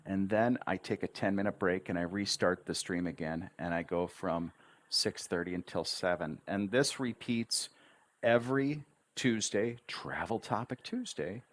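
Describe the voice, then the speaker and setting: Guy tutoring english on a stream, low voice, reeeally slow, says each syllable again and again. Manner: drills words syllable by syllable, repeating slowly; encouraging coach-like asides. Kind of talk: livestream pronunciation lesson.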